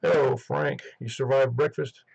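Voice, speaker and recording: A man's voice: medium pitch, fairly even intonation, moderate pace, gravelly, a little mellow, slightly rough, dull audio. A man hosting a ham radio net on a headset, chatting casually and rambling with lots of restarts. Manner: rambling, chatty, self-interrupting.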